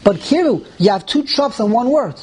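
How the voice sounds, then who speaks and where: A man's voice: lively intonation, moderate pace, a little mellow, rough recording. Man teaching a class, questioning. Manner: poses rhetorical questions, rises in pitch when stressing a point; restarts phrases while thinking aloud. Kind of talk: Torah lesson to a live group.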